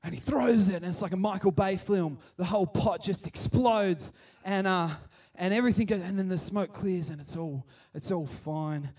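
A man giving a chatty, animated sermon and acting out the scenes he tells. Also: high voice, moderate pace, hardly any pauses, distant mic. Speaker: preacher. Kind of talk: casual sermon.

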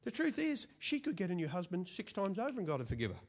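A husky-voiced Australian man in his fifties preaches in a church, swinging his fairly high voice up and down with lively energy. He jokes with the congregation and repeats words for emphasis. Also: quick pace. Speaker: pastor. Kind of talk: sermon.

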